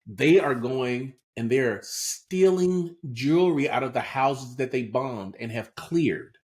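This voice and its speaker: A man's voice: medium pitch, animated, slow, darkish tone. A man co-hosting a podcast, talking through current events in a casual explanatory way and often checking in with "right?". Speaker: podcast co-host. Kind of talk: casual political chat.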